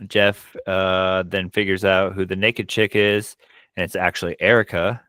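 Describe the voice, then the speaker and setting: A man co-hosting a podcast, casually recapping a horror film with animated bursts, quoted lines and frequent swearing. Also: deep voice, a little slow, clean tone, dry recording. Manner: frequent profanity. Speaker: podcast co-host. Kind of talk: casual movie recap chat.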